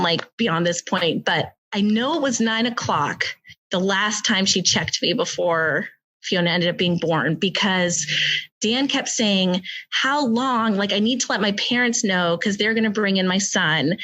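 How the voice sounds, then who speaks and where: A woman in her thirties with an American accent, telling her birth story in casual podcast chat, animated and laughing, full of fillers. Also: medium pitch, a little slow. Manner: animated, many fillers, acts out quotes with laughter.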